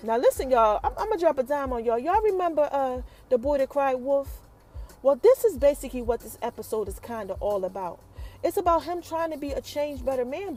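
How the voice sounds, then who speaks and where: A woman's voice: high-pitched, darkish tone. A woman hosting a podcast, recapping a TV episode in a chatty, hyped way. She talks straight to her listeners and acts out the characters' lines as she retells the scenes. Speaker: podcast host.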